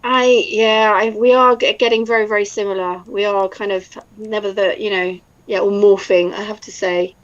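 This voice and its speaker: A woman's voice: medium pitch, steady tone, moderate pace, few pauses, lo-fi sound. An English woman in casual chat, talkative and laughing often, now and then swearing. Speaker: voice actor guest.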